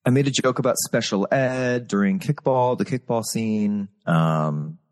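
A very low-voiced man from Texas chats candidly as a guest, telling stories about his stage work. His voice comes over a video call with a long reverb tail around it. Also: a little slow, a little mellow. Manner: candid, storytelling. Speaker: guest performer. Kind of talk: casual interview chat.

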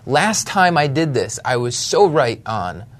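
A man's voice: mid-range voice, sing-song, a little slow. A man co-hosting a casual finance podcast. He banters easily and jumps between jokes and market talk, restarting his sentences as he goes. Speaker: podcast co-host. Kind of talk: casual chat.

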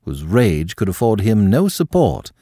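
A male narrator reading a classic novel aloud, his low voice moving expressively through the sentences. Close, dry recording. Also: no room sound. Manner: expressive, measured storytelling. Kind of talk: scripted audiobook narration.

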